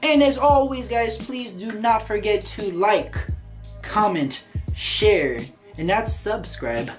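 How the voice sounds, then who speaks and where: A woman vlogging to her camera in casual chat. She is animated and sassy, and swings between loud bursts and quiet asides. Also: mid-range voice, slow pace, faint music behind.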